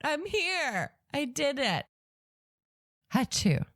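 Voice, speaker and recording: A woman's voice: fairly low pitch, very animated, a little slow, no echo, studio quality. A woman co-hosting a podcast, chatting playfully and laughing often, with a stuffy nose from a cold. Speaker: podcast co-host. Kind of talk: casual chat.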